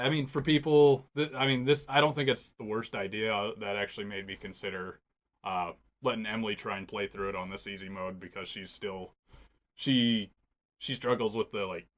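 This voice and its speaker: A man co-hosting a casual gaming podcast, laughing easily and talking in halting, filler-heavy phrases. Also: on the low side, fairly even intonation, fairly bright tone. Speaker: podcast co-host.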